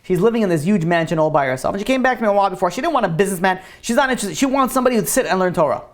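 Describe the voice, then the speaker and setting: Man doing wise old rabbi, calm, gentle, matter-of-fact, storytelling in a lesson. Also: high voice, very fast. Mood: kindly.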